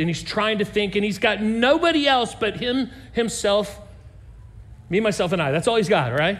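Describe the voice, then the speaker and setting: Male pastor, high voice, animated sermon, hushed low drops for emphasis. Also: normal speed.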